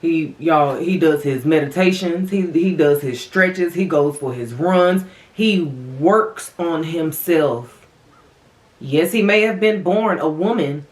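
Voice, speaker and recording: A woman's voice: deep voice, takes it slowly, echoey room. A woman vlogger chatting casually to viewers while eating, calling them y'all, her voice swinging up and down. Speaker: mukbang vlogger.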